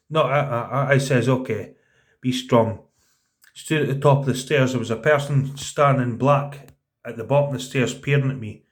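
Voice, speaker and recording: A man in his thirties talking to camera in a vlog, earnest and a little halting. He repeats words as he goes and lowers his voice to quote what people said. His pitch sits in an ordinary middle range. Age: 30s. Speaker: vlogger telling a personal story. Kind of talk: casual spoken storytelling.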